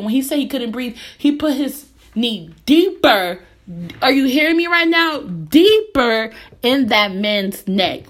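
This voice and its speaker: A young American woman hosting her own podcast, speaking with earnest emphasis and repeating phrases to drive her points home. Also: on the high side. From United States. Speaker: podcast host. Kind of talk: impassioned personal commentary.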